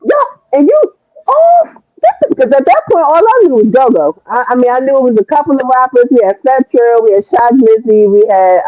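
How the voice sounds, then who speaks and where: A woman from Washington D.C., a podcast guest telling a story in casual talk. She is animated, swears freely and jumps high in pitch when quoting herself. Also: no room sound. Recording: dry, phone-like narrow sound.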